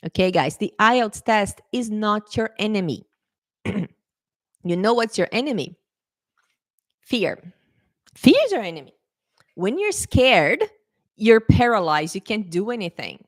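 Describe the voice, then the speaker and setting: A woman teacher speaking straight to her students in an animated, coaxing way, her pitch jumping high for emphasis. The sound is close and dry, with no room around it. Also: a little slow, pauses often, no room sound. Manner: lively, animated, coaxing, repeats "okay?" and "right?". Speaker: English teacher. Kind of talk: casual talk to camera.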